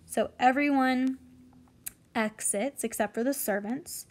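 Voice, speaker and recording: A woman's voice: fairly high pitch, slow. Woman teacher explaining a play. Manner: plain, explanatory, casual. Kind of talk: classroom read-aloud with explanation.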